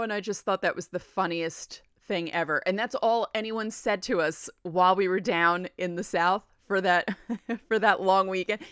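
A woman in her forties, a podcast host telling a story in a chatty, animated way. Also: mid-range voice, normal speed, smooth, dry recording, studio quality. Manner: animated, chatty, laughs often. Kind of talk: casual storytelling.

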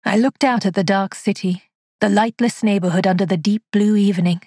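A woman narrating as an aging, haunted spinster, telling her story in a quiet, hushed first-person voice. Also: mid-range voice, fairly quick, no echo, studio quality, natural voice. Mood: uneasy.

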